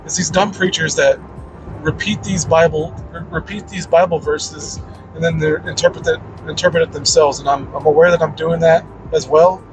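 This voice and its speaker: A man's voice: a little high, rough recording. A man giving a casual, rambling monologue about faith, blunt and full of "like" and "man.". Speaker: channel host.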